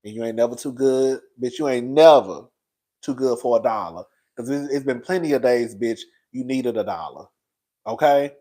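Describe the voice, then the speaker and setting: A man's voice: mid-range voice, moderate pace, warm tone. Sassy, emotional man in his forties. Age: 40s. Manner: sassy, emotional, gossipy chatter. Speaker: commentary channel host. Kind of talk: casual livestream chat.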